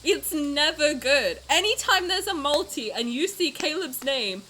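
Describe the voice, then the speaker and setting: A woman's voice: high-pitched, animated, a little slow, few pauses, pushed and bright, slight background noise, low-quality recording. A woman streamer reacting live to a game, blunt and swearing freely as she talks back to her chat.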